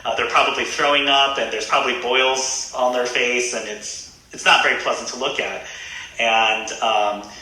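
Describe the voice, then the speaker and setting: Man, Buddhist reverend guest, retells an old story with loose, halting delivery; very bright tone, very echoey room. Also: medium pitch, fairly even intonation. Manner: hesitant, many fillers and restarts. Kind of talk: casual storytelling.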